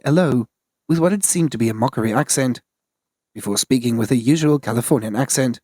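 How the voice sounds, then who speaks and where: Husky male news narrator. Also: mid-range voice, darkish tone, no echo.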